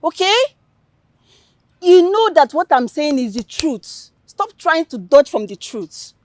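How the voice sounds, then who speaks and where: A woman's voice: sits high, slow, no room sound, heavily acted. An actress playing an upright young village woman who reproaches her scheming friends. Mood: defiant. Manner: reproachful, steady, pleading.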